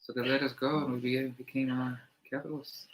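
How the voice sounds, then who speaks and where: A man's voice: mid-range voice, little pitch movement, a little fast, a little hiss or hum, rough recording. Laid-back man joking on a stream. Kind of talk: casual chat.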